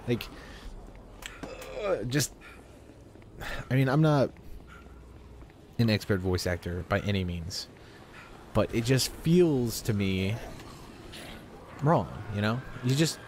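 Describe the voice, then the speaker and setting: A man's voice: mid-range voice, lively intonation, slow pace, pauses often, a little mellow, slight background noise. A man giving chatty, rambling commentary while he plays a video game, often talking to himself. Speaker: gamer. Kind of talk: let's play commentary.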